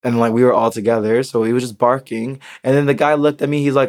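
An American young man speaking candidly in an unedited solo podcast monologue, halting with ums and restarts. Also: medium pitch, little pitch movement, a little mellow. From United States. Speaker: podcast host.

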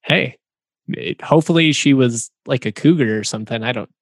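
A man's voice: mid-range voice, normal speed, no echo, clean studio sound. A man co-hosting a sports podcast in casual chat, easygoing and teasing.

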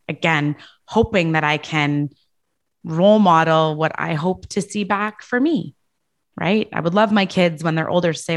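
Thirtysomething woman on a podcast, lowish voice, earnest, keeps saying right?. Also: normal speed. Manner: earnest, tags statements with "right?". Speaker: podcast guest, leadership consultant. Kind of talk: casual podcast conversation.

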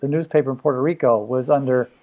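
A quick-talking man, a cartoonist on a casual podcast panel. He cracks jokes and trips a little over the start of his sentences. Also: mid-range voice, steady tone, highs cut off. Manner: quick, joking, stammers on starts.

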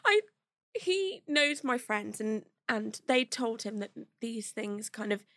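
Woman, high-pitched, animated podcast storyteller, close dry mic. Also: slow, no echo. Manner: animated, laughs through a comic anecdote. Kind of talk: casual storytelling chat. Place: podcast studio.

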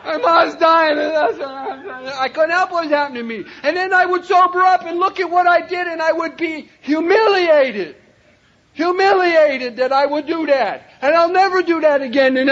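Older man, unusually high voice, emphatic recovery-meeting speaker, muffled lo-fi recording. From Cleveland, Ohio, USA. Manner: emphatic, raises voice to a shout then drops low. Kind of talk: personal recovery story told to a meeting. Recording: dull lo-fi recording.

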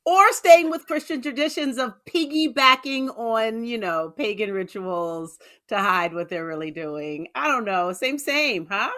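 A woman co-hosting a comedic talk show, chatting in an animated, quizzical way and laughing often. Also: a little high, a little slow, few pauses. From New York. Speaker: co-host. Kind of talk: casual comedic chat.

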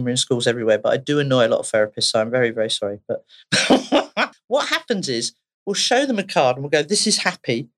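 A woman therapist with an Essex accent, telling stories animatedly in a podcast conversation and laughing often. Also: low voice. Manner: animated storyteller, laughs often, acts out voices. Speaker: therapist guest.

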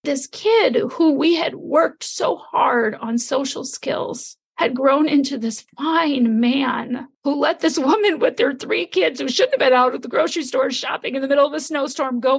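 Gravelly-voiced woman telling a teaching story. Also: sits high, moderate pace, hardly any pauses. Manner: animated storyteller, acts out her own inner voice. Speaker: podcast co-host. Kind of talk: storytelling to a co-host.

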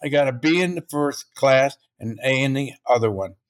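A man's voice: mid-range voice, a little fast. An older man, a motivational speaker, telling a story in an interview and acting out the quotes.

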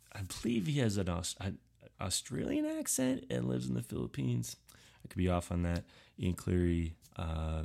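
A man's voice: sits low, gravelly, darkish tone. A man hosting a podcast, talking through a casual, rambling monologue full of fillers and restarts, self-deprecating. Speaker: podcast host.

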